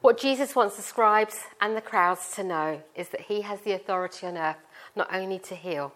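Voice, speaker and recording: A woman's voice: medium pitch, normal speed, fairly bright tone. Middle-aged British woman, preacher; informal, chatty sermon delivery with homely examples. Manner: chatty, informal, explains with family stories. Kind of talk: conversational sermon.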